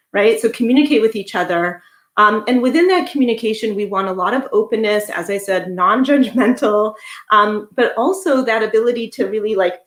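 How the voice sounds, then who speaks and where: A woman therapist giving an educational talk, going through her points one by one in a conversational way. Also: a little high. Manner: conversational, lists points step by step. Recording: echoey room.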